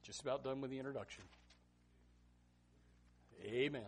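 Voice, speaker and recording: A man preaching a sermon to students, reading scripture softly and then exhorting loudly, often repeating words as he starts a sentence. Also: medium pitch, moderate pace, slight background noise. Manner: animated, swings between hushed scripture reading and loud exhortation.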